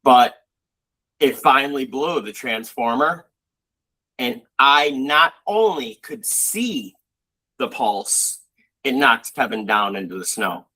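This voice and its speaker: A co-host from Buffalo, New York, a man with a medium-pitched voice, takes it slowly while telling rambling, animated stories packed with fillers in a casual chat. The audio is poor.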